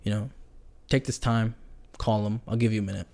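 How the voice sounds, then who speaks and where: A man's voice: on the low side, fairly even intonation, brisk, creaky, a little mellow. A man hosting a casual solo podcast, rambling and joking in a slangy way. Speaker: podcast host.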